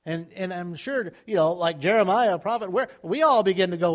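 A male pastor with a high-pitched voice preaches a sermon, chatting with the congregation and swinging dramatically between loud, emphatic bursts and soft, low asides. He talks fairly quickly, with hardly any pauses.

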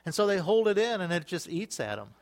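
A man's fairly high voice carries this sermon, a pastor in a church. He talks to the congregation in a loose, conversational way, then breaks into loud hallelujahs and acts out quoted voices. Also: brisk. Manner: animated, with sudden exclaimed hallelujahs and acted-out quotes.

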